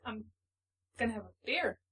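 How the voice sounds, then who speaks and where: A woman's voice: on the high side, expressive, moderate pace, fairly bright tone, breathy edge, poor audio. A woman co-hosting a book podcast, chatting casually in playful, joking banter. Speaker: podcast co-host. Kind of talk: casual chat.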